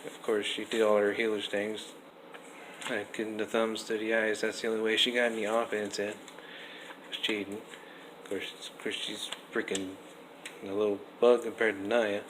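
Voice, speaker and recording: A young man giving a casual, rambling wrestling review, restarting sentences often and getting animated. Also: on the low side, moderate pace. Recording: faint background noise.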